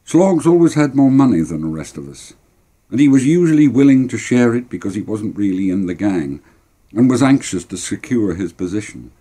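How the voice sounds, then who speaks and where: An older man reads his boyhood story in a relaxed, dry way. His voice sits low, dark and husky, and it rises and falls a great deal. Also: normal speed. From Cornwall. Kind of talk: reading a memoir story aloud.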